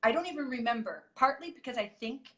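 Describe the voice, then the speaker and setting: A woman guest sharing a hard personal story candidly, in halting sentences full of restarts and fillers. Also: high-pitched, expressive.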